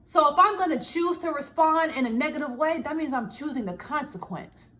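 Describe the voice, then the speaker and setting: High-voiced woman vlogger, animated and laughing. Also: a little fast, a little hiss or hum. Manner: animated, laughing, acts out her own inner voice. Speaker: small business owner and vlogger. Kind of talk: casual self-help talk to camera.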